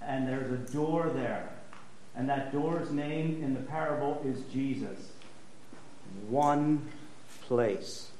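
Male pastor, mid pitch, casual teaching sermon, repeats words for stress. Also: slow pace, a little mellow, a little hiss or hum. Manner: conversational, emphatic repetition.

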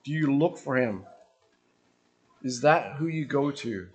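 A man preaching a sermon, earnest and questioning, letting his voice drop softly at the ends of phrases. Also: medium pitch, animated, slow, breathy edge.

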